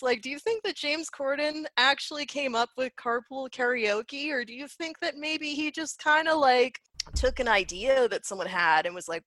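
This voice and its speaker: Brief: woman commentator, swears and laughs a lot, a bit high, dry close sound. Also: normal speed, no echo. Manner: expressive, swears freely, laughs often, mocking quotes. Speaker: commentary host. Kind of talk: casual commentary rant.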